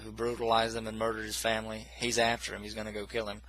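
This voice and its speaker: A man's voice: lowish voice, monotone, quick pace, a bit bright, a little hiss or hum, poor audio. A man casually recapping a film plot in a rambling, self-correcting way, with dismissive asides. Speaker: movie reviewer.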